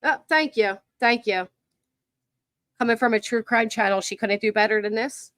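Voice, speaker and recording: A commentary channel host with a high-leaning, somewhat bright voice talks at a moderate pace to her livestream viewers and chat. She comes across as mocking and exasperated, speaking into a computer mic at her desk. The audio has studio quality and no room sound.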